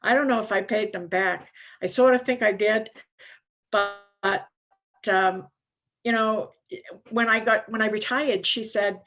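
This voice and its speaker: An older woman shares her personal testimony from a conference stage. She talks candidly and conversationally, often pausing on small fillers as she goes. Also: medium pitch, steady tone, a bit bright. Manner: candid, conversational, many "you know" fillers. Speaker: recovery speaker at a conference.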